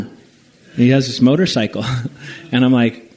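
A man's voice: mid-range voice, fairly even intonation, a little slow, a little mellow. A man casually telling a rambling personal travel story, acting out the people in it. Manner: casual, rambling with restarts and acted-out quotes.

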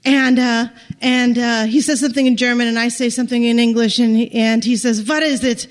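A middle-aged woman from the United States telling a personal story in a lively, dramatic way, acting out what she said back then. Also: a little high, fairly quick. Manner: lively and dramatic, acts out her own quoted speech. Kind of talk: personal story told to listeners.

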